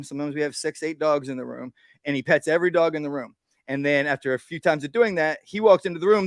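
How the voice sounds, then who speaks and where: A man, a dog trainer, giving a live workshop demonstration. He explains each step plainly, often checks in with "right?", and breaks off to give short, calm commands to a dog. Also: fairly high pitch, dry recording, clean studio sound.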